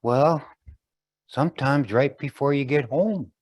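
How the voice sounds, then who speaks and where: A man's voice: medium pitch, slow pace, a little mellow, slightly rough, no room sound. A man voicing a worried young boy in a spoken story, pleading and earnest.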